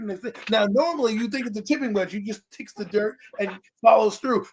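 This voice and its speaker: A husky, high-pitched man recounts a football game on a sports talk stream. He jumps between quiet asides and loud exasperated outbursts. His voice is breathy and pitched well above most men. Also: a little fast, hardly any pauses. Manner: excitable storyteller, swings from low muttering to loud outbursts. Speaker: co-host. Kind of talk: animated sports chat.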